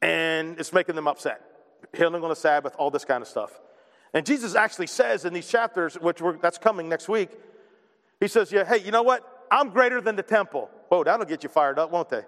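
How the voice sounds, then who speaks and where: An animated male pastor preaching in a casual, talky way, his voice pitched high for a man. He stumbles over repeated words as he gets going. A long hall reverb trails behind every phrase. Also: a little fast. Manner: animated, conversational, repeats words when starting a thought. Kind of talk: sermon.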